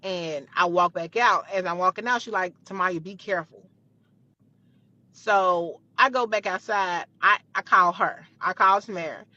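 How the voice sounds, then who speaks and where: Bright-voiced woman telling a profane story. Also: lowish voice, moderate pace, few pauses. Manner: animated, profane, blunt. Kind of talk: casual storytelling. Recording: dull, dry lo-fi clip.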